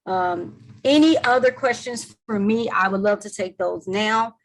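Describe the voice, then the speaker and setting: Brief: woman webinar presenter on a video call, tired voice, casual and chatty, middle pitch. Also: unhurried, poor audio. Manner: chatty, warm thanks, trails off with ums. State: voice worn from talking.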